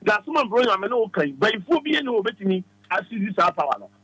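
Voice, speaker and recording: A man's voice: high-pitched, very animated, rapid-fire, sharp tone, low-quality recording. A Ghanaian man giving advice as a radio studio guest, talking emphatically and repeating his phrases like a preacher.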